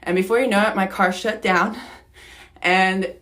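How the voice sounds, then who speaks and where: A woman's voice: medium pitch, fairly even intonation, moderate pace, a bit bright. A young woman co-hosting a podcast, candidly telling a personal story, getting emotional and laughing through it. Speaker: podcast co-host.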